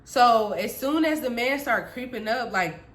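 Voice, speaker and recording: A woman vlogger telling her childhood story in casual chat, animated, laughing often and calling her viewers y'all. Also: on the high side, measured pace.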